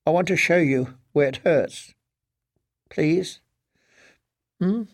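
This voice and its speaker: A man's voice: on the high side, takes it slowly, no echo, clean studio sound, voice pushed up. A man voicing a frightened young woman, pleading. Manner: pleading, tremulous. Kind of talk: audiobook character voice.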